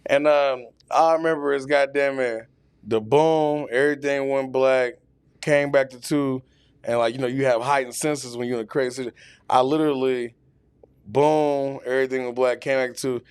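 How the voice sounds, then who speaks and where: A man's voice: medium pitch, steady tone, normal speed, clean tone, dry recording. A man telling a long, profane, rambling story as a podcast guest, full of fillers. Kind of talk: casual storytelling. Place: podcast studio.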